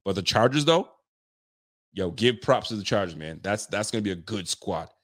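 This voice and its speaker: A man with a voice on the low side hosts an informal football stream. He reads viewer comments in fast, slangy speech, swearing, laughing and getting pumped up.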